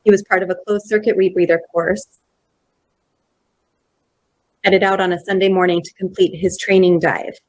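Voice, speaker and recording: A woman in her thirties giving a personal storytelling talk at a conference, slow and measured, acting out quoted dialogue. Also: fairly low pitch, flat delivery, a little mellow. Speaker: conference speaker. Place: conference hall.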